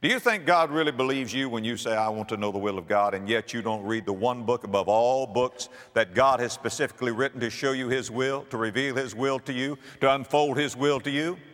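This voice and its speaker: A man's voice: mid-range voice, a little fast, hardly any pauses, fairly bright tone, long reverb tail. A man preaching a sermon as a pastor, emphatic, building repetition and pressing rhetorical questions.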